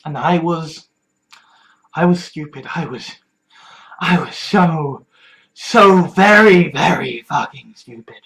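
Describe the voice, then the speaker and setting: A speaker talks quietly into a vlog, stopping and restarting and repeating words. The voice sits mid-range and moves slowly, and at times it sinks almost to a whisper. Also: medium pitch, gravelly, poor audio. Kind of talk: confessional vlog monologue.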